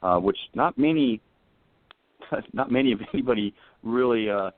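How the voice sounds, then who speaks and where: A man's voice: medium pitch, normal speed, dry recording. A man hosting a radio interview, speaking hesitantly with many fillers and encouraging his guest. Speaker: radio show host. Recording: dry, phone-like radio line.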